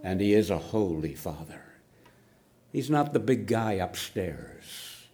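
An older man preaching a sermon, swinging from loud emphasis down to hushed, near-whispered words. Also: lowish voice, slow pace, long pauses.

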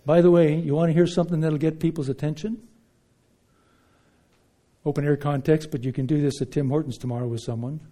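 A man preaching a sermon, emphatic, swinging between loud declarations and hushed asides. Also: a little high, fairly even intonation, a little fast, long pauses.

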